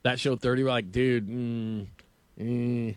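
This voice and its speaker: A man's voice: mid-range voice, flat delivery, slow pace, dry recording. A man hosting a sports radio show, telling a story in a rambling way, with many fillers and frequent laughter. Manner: rambling, laughs often, lots of fillers and restarts. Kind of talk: casual morning radio chat and storytelling.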